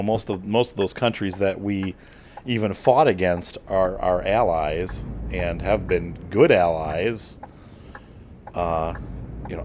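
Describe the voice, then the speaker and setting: A man's voice: sits low, slight background noise. An American man hosting a gaming channel, rambling through casual commentary with many fillers and restarts while he plays. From United States.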